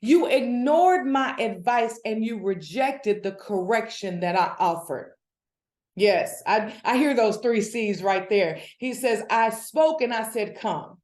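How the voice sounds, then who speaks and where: Animated woman preaching, echoey room. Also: fairly high pitch, slow pace. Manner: animated preaching, builds in excitement. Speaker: devotional speaker. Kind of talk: devotional Bible teaching.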